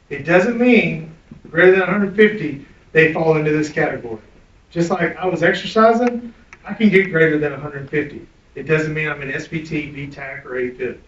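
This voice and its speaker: This middle-aged man teaches an EMS class at a normal pace, his fairly high voice blunt and profane as he quizzes students between anecdotes. The lo-fi recording comes from a distant mic in an echoey room.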